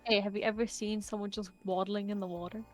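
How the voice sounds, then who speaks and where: A woman playing in a tabletop game, playful and asking quick questions. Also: medium pitch, flat delivery, soft background music. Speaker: player. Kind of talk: casual tabletop game chat.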